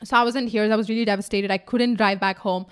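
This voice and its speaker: A woman hosting a vlog, telling a story casually to her viewers with a friend, animated and swearing freely. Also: medium pitch, fast, smooth. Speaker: vlog host.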